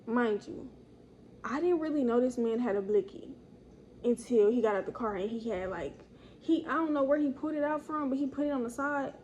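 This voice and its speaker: A young woman with a fairly high voice tells a story from her own life in a loose, slangy way, jumping up in pitch whenever she acts out what people said. A faint hiss sits under her voice. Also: brisk, dull audio. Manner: animated, slangy, acts out quotes in higher voice. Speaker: storytime vlogger. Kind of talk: casual storytelling.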